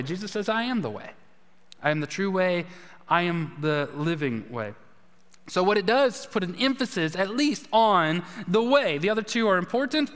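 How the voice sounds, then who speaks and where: Speaking in a high, fairly bright voice, a pastor gives a conversational sermon, regularly turning questions to his congregation. The church sanctuary adds a long hall reverb.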